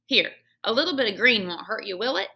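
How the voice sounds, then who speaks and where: A woman reading a children's book aloud, voicing a hearty, joking male night janitor who booms and chats. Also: big pitch swings, fairly quick, vocal fry, sharp tone, exaggerated voice. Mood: jolly, teasing.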